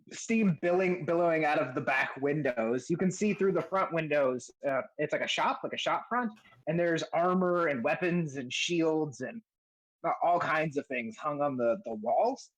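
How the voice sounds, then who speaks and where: A man running a tabletop game, describing the scene in a halting way with frequent restarts. His voice sits a little higher than most men's. The delivery is loose and conversational. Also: rough recording. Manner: hesitant, many fillers and restarts. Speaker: game master.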